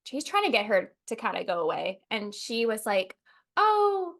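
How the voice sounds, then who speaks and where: A woman's voice: medium pitch, lively intonation, normal speed, vocal fry. A woman co-hosting a podcast, casually recapping a novel with laid-back, wry asides. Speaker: podcast co-host.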